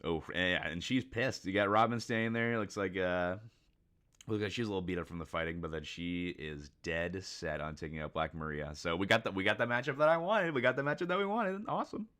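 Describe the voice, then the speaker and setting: A man's voice: low voice, fairly quick, fairly bright tone. A man hosting a casual live reaction to a comic chapter, reading it aloud, laughing often and talking with many fillers and restarts. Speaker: manga reaction host.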